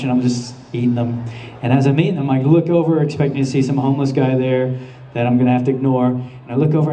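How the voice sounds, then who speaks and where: A man's voice: medium pitch, dark tone, a little hiss or hum. A man at a convention panel telling a comic anecdote on stage, acting out his own panic in quoted bits. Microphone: filmed from the audience at a distance. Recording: distant audience camera recording.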